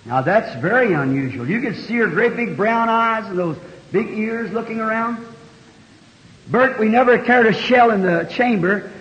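A man's voice: high-pitched, moderate pace. A man preaching a sermon, telling a story in a folksy country way with plain homespun grammar. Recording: dull, echoey 1960 hall recording.

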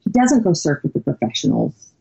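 A woman's voice: sits low, fairly quick, creaky, husky, highs cut off. A woman guest on a podcast, telling a story animatedly and conversationally. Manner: animated, many "you know" fillers.

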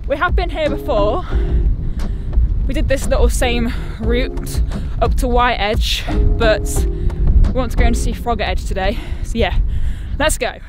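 A high-pitched woman with a Nottingham accent talks chattily to her camera while hiking outdoors, a bit winded and quick to giggle. Music runs clearly underneath her voice. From England. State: out of breath. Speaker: travel vlogger. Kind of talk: casual walking vlog. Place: outdoors on moorland hills.

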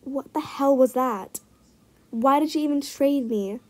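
A young woman giving casual, excitable commentary while trading in a game, often dropping into muttered asides. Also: high-pitched, measured pace, low-quality recording. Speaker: gaming vlogger.

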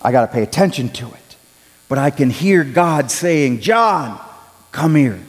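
A man preaching a sermon as pastor, talking in a conversational way and growing loud when he acts out a cry for help. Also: medium pitch, normal speed. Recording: long hall reverb.

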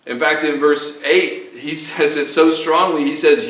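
A man's voice: on the high side, a little slow, hardly any pauses, a bit bright. A man with a Southern US accent preaching an earnest, emphatic sermon as pastor, often repeating phrases for weight. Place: church sanctuary. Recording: echoey church sanctuary, voice from a distance.

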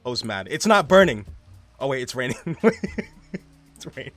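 Animated young man chatting on stream. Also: mid-range voice, normal speed, dry recording, faint music behind. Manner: rambling, animated, swears often, reads chat aloud. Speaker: live streamer. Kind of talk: casual live-stream chat while gaming.

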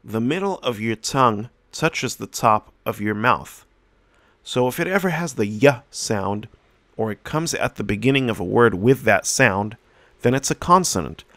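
Male teacher, mid-pitched, dry close sound; patient explainer who slows to sound out words. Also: animated, fairly bright tone, no echo. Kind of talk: reading lesson.

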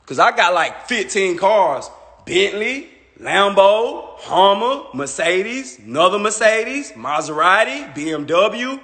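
A man with a very high, bright, forceful voice delivers a taunting livestream rant, stacking boastful jabs one after another. It sounds like a phone mic in a space with a long, echoey reverb. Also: big pitch swings, slow. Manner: boastful, mocking, repetitive jabs.

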